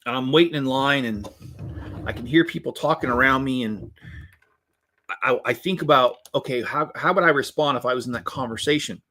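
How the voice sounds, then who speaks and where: A man's voice: mid-range voice, normal speed, pushed and bright. Chatty joking man in his fifties. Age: 50s. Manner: rambling and jokey, chuckles often. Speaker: host building LEGO sets while reading viewer chat. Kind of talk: casual live-stream chat.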